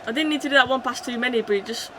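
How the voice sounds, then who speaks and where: A woman hosts a live stream of a football video game. Her voice is bright and forceful. She chats casually with her viewers and yells at the match when it turns exciting. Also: on the high side, rapid-fire, a little hiss or hum. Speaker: gaming streamer. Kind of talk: live game commentary and chat reading.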